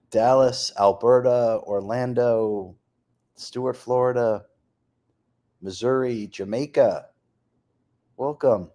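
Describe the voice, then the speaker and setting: A man's voice: mid-range voice, very slow, long pauses. A man hosting a live stream, chatting casually and reading viewer comments aloud, laughing often. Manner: lively, reads off places and names, laughs often.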